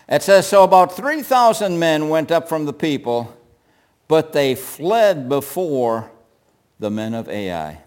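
A man teaching a Bible lesson, reading scripture aloud and acting out the people in the passage with animated delivery. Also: fairly high pitch.

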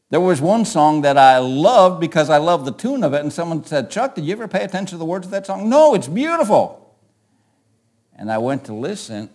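A man preaching a sermon, reading scripture verses aloud and explaining them in an animated way, often repeating words as he restarts. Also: fairly high pitch.

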